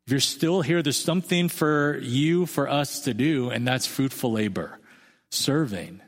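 Conversational pastor in a reverberant hall. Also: male voice, medium pitch, measured pace. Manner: conversational, self-deprecating storytelling. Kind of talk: sermon.

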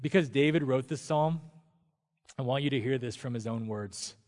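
A man preaching a sermon as a pastor, telling stories in a relaxed, conversational way. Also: mid-range voice, normal speed. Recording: long reverb of a church hall.

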